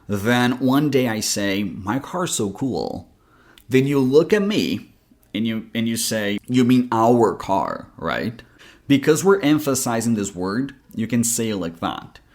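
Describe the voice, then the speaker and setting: A male accent coach talks through a pronunciation lesson, unhurried and deliberate. He lays out rules one at a time and says example words aloud. His pitch sits at an ordinary middle level. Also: a little mellow. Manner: slow, careful explanation with spoken examples.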